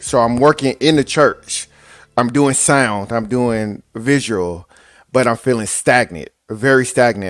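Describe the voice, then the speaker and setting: A man's voice: mid-range voice, no room sound. A man co-hosting a radio show, telling a personal story in an earnest, casual way.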